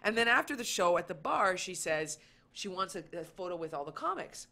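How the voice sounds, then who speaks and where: A woman comedian chats as a guest on a talk show, her voice bright and pitched on the low side for a woman. She tells stories in an animated way and acts out what other people said. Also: a little fast, vocal fry. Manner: animated storytelling, acts out quoted lines. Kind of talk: casual chat.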